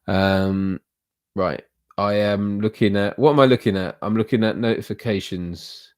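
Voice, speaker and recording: A man's voice: lowish voice, fairly even intonation, measured pace, darkish tone, dry recording, clean studio sound. A man hosting a casual livestream, chatting loosely with viewers in a rambling, self-deprecating way. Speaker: livestream host.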